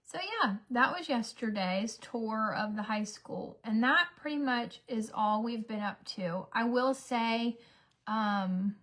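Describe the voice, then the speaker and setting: Middle-aged woman vlogger with a slightly high voice; rambling, chatty storyteller. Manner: chatty, rambling, quick to laugh. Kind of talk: casual storytelling chat.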